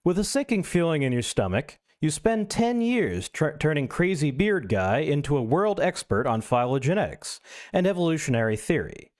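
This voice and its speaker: A man's voice: fairly high pitch, a little mellow. A male streamer reading an essay aloud, breaking in with wry, self-mocking asides.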